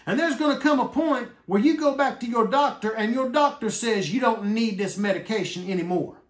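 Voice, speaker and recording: A man preaching a sermon as a minister, stressing key words by drawing them out slowly. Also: very high voice, expressive, echoey room.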